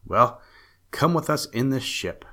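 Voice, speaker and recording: Eager simpleton hero, read by a male narrator, pitched up, hailing strangers. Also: expressive, measured pace. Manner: calls out brightly, eager. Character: naive young male simpleton, eager and friendly.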